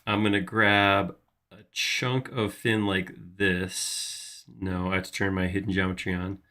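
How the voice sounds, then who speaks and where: A man's voice: low voice, level tone, a little slow, bright, forceful tone. A man hosting a live 3D modeling tutorial, casually thinking aloud as he works. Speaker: host modeling in 3D software.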